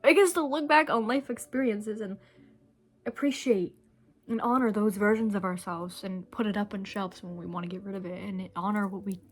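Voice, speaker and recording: Speaking straight to camera, a young adult woman vlogger shares her thoughts in a heartfelt, rambling, emotional monologue, swearing casually. Her voice is medium-pitched and fairly even, at a moderate pace.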